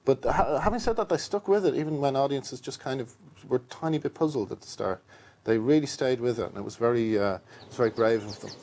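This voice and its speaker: A man's voice: mid-range voice, quick pace, darkish tone. A man speaking earnestly and reflectively in a documentary interview.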